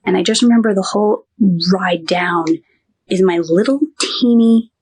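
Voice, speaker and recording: A woman's voice: mid-range voice, normal speed, husky. A young adult woman, a nurse, telling a personal story as a podcast guest, talking animatedly and acting out what others said. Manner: animated, acts out quoted dialogue, frequent "like".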